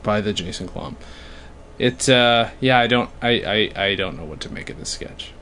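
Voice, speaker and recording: A man's voice: medium pitch, animated, moderate pace, pushed and bright, a little hiss or hum. A man from New York in casual conversation with a mid-range voice. He is self-deprecating, laughs often and drifts off mid-thought. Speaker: podcast co-host. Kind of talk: casual chat.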